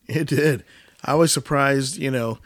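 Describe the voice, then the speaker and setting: A man in casual podcast chat, agreeing quietly and chiming in. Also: mid-range voice, unhurried, no echo, studio quality.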